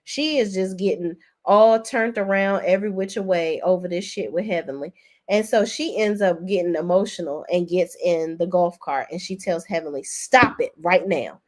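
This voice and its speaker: A woman hosting a casual reality TV recap, sassy and expressive, laughing often, with big swings in pitch. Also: normal speed. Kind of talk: casual commentary with live chat.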